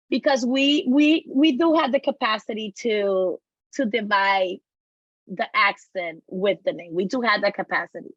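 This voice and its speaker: A woman's voice: mid-range voice, unhurried, fairly bright tone, dry recording. Earnest woman presenter, dull dry audio. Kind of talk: webinar panel answer. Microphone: video call.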